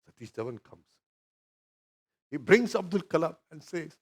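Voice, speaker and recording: Male Indian pastor, sermon storyteller, higher voice with wide, lively pitch swings. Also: normal speed, breathy edge. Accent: Indian English. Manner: storytelling, addressing the congregation directly.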